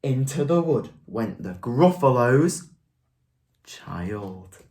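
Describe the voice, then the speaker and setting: A woman teacher with a low, very lively voice, reading a picture book to young children at an unhurried pace. She asks coaxing questions and is quick to praise each answer.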